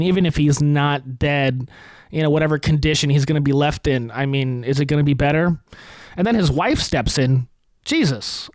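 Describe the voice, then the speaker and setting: A man's voice: on the high side, no room sound. A man hosting a comedy podcast, rambling through a profane topical rant and laughing at his own jokes.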